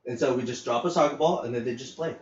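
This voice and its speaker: Fast-talking and mid-range in pitch, the male podcast co-host wanders through a long work anecdote with plenty of fillers and a bit of swearing. The lo-fi mic sounds dull, distant and roomy.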